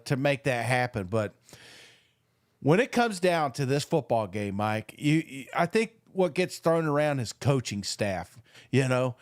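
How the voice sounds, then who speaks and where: A man in casual podcast chat, talking with boastful, animated energy and cursing freely. His voice sits a little higher than most men's, and the sound is dry and close. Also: dry recording. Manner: animated, boastful banter with frequent swearing. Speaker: podcast co-host.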